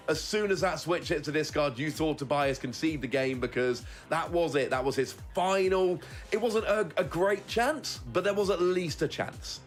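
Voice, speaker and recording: A man with a slightly higher voice commentates a competitive card game. He talks through each play analytically, weighing the players' chances step by step. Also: moderate pace, few pauses, soft background music.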